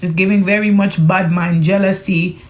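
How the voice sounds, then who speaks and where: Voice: mid-range voice, fairly even intonation, moderate pace. Brief: creator, exasperated lecturing rant to camera. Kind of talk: direct-to-camera social media rant.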